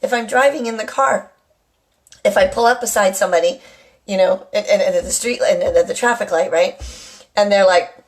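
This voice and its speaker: A woman's voice: mid-range voice, fairly quick. A middle-aged woman at home, hosting a casual live chat to her viewers. She rambles and keeps asking "right?". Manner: chatty, rambling, often asks "right?". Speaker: live-stream host. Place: at home with a kitchen nearby.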